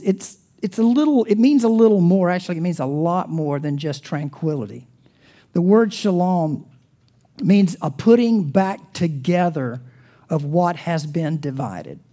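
A man preaching a sermon as pastor, swinging from loud emphasis to hushed, almost whispered lines, and closing in soft, reverent prayer. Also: a little high.

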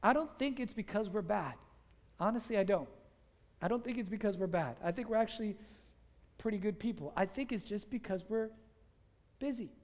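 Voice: medium pitch, lively intonation, moderate pace, pauses often, darkish tone. A pastor preaching a conversational sermon with lots of filler "like", urging the congregation to repeat phrases back. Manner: casual filler "like" throughout. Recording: long hall reverb.

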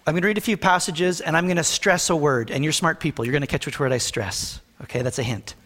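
A man with a high voice delivers a sermon from the pulpit. He talks to the congregation in a plain, earnest way and slows down to stress the scripture he reads. His voice carries a long reverb from the church sanctuary. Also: a bit bright. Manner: earnest, conversational preaching with slow emphatic scripture reading. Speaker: pastor.

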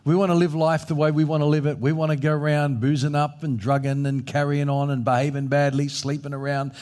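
Brief: middle-aged male pastor, higher voice, emphatic sermon delivery. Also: flat delivery, a little fast, a little mellow. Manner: emphatic preaching, acts out Bible voices.

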